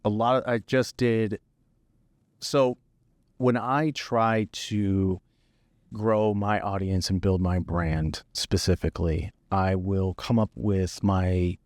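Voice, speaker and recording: A man, a videographer guest, telling stories of his work in a relaxed, conversational way on a podcast. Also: low-pitched, slow pace, no echo, studio quality. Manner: relaxed storytelling, easy and conversational. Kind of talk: casual podcast chat.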